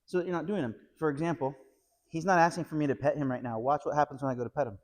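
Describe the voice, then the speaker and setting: A man's voice: on the high side, steady tone, very fast. A man working as a dog trainer, explaining puppy training step by step and checking in with the viewer with a frequent "okay?". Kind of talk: instructional training video.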